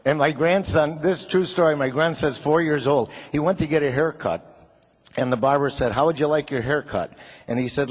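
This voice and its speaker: A man's voice: on the high side, a little fast. Older man telling jokes on stage. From Chicago. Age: 60s. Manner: jokey, folksy, chatty with the crowd. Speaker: comedian and singer. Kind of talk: stand-up comedy set.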